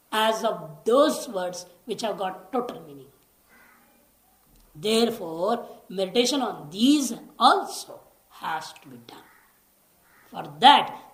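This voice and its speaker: A woman teaching scripture, explaining patiently, repeating key words and slowly chanting Sanskrit lines. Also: a little high, roomy sound. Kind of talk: lecture on scripture.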